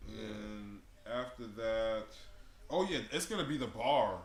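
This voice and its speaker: A man co-hosting a casual wrestling chat, jokey and animated, often slipping into quick impressions. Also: on the low side. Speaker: podcast co-host. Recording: echoey room with faint background noise.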